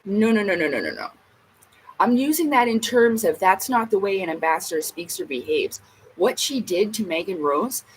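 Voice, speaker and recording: A woman's voice: mid-range voice, slight background noise, low-quality recording. A woman vlogger in a casual ranting monologue, blunt and emphatic, swearing heavily.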